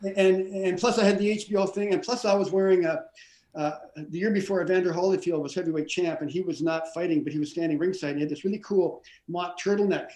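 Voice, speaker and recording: Rambling, high-voiced middle-aged man telling stories. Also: fast. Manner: rambling, animated, many restarts and stammers. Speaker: stunt coordinator and actor, interview guest. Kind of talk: casual storytelling interview. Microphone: video call. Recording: roomy echo.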